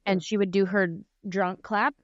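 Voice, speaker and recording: A woman comedian in her forties tells stories on a podcast, lively and demonstrative, slipping into brief voices to show what she means. The recording is dry and a little muffled, with a slightly lo-fi sound. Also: mid-range voice, normal speed, no room sound. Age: 40s. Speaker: guest comedian. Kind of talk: casual storytelling in a podcast interview.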